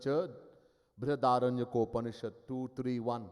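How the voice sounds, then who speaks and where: A male spiritual teacher preaches at a mid pitch, emphatic and wry as he tells stories. His voice rings with a long reverb through an ashram hall. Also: unhurried, a little mellow. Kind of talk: sermon.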